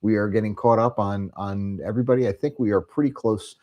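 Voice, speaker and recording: A man from New Jersey hosts a casual live cruise chat show. His voice sits a little low, and his talk wanders, full of "uh"s and false starts. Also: steady tone, brisk, dark tone, highs cut off. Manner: rambling, many fillers and restarts. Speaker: cruise travel show host.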